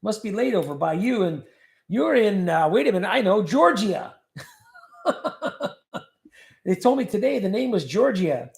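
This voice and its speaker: A man's voice: high-pitched, sing-song, a little slow, creaky, pauses often, reverberant. A man hosting a casual livestream, reading viewer comments aloud and joking about them. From California. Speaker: livestream host reading chat.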